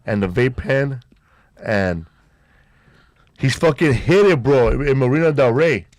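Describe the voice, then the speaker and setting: A man's voice: expressive, unhurried, a little mellow, no room sound, clean studio sound. A man, hosting a podcast and telling stories in a laid-back, slangy way. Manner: laid-back storytelling, slangy, low-key delivery. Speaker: podcast host. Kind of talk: casual podcast chat.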